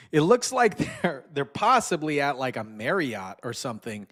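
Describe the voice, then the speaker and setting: A man's voice: mid-range voice, sing-song, a little slow, few pauses, a bit bright, faint music behind. A man hosting a live stream, casually commenting and mocking with frequent chuckles. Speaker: streamer host.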